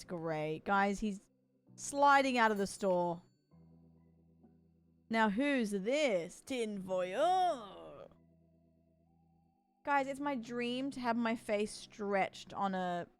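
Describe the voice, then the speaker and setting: A woman streaming a game, chatting with her viewers and reading character lines aloud in a lively way. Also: medium pitch, extremely slow, pauses often, clean tone, soft background music. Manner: animated, reads game dialogue aloud and greets chat. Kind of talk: casual game commentary.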